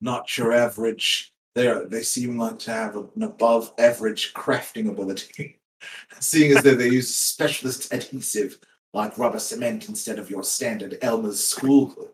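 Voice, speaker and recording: A man's voice: mid-range voice, fairly even intonation, slight background noise. A man playing in a tabletop game, chatting in a playful, joking way. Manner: playful, joking, quick to laugh. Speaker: player. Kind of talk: casual tabletop game chat.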